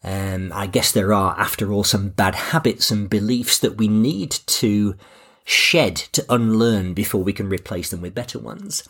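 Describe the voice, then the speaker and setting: A man hosting a podcast. He speaks in a relaxed, anecdotal and self-deprecating way. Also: on the low side, a little slow, husky. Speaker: podcast host. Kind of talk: scripted podcast narration.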